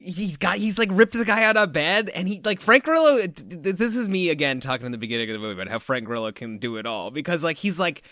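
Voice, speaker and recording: A man chatting casually about a movie on a podcast, his pitch swinging lively and his tone bright and forceful. He rambles, laughs often and swears now and then. The sound is dry and close. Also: quick pace, few pauses, no echo. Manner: animated, laughing, rambling with fillers; swearing, jokey. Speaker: podcast co-host. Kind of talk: casual film discussion.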